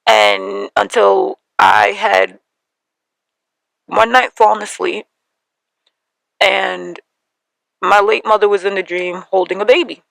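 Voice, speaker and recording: A young woman hosting a podcast, telling a personal story in an animated way and acting out the voices of her family. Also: medium pitch, takes it slowly, gravelly, long pauses, no echo, low-quality recording. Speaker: podcast host.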